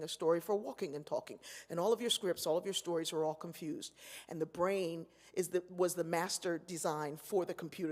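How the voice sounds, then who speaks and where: A woman giving a keynote address, telling stories and acting out the voices of the people in them. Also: lowish voice. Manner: animated, acts out voices in her stories. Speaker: keynote speaker. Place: large convention hall. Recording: echoey hall.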